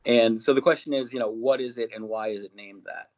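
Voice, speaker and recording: A man asking trivia questions in a casual chat, with a relaxed, hesitant delivery and frequent pauses. His voice sits at a middle pitch and comes through dull, lo-fi call audio. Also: noisy background. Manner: relaxed, hesitant with many ums. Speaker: trivia guest.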